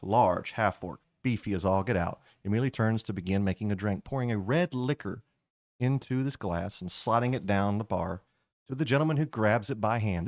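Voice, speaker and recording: A man narrates a tabletop adventure as game master in a casual, storytelling way. His pitch swings a lot as he talks. The sound is dry and close. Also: no echo.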